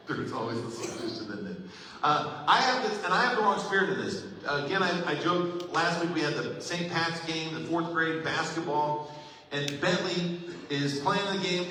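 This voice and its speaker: A man's voice: a little high, bright, forceful tone. A middle-aged male pastor giving a sermon, with conversational storytelling and jokes, recorded in a church sanctuary. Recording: echoey hall from far off.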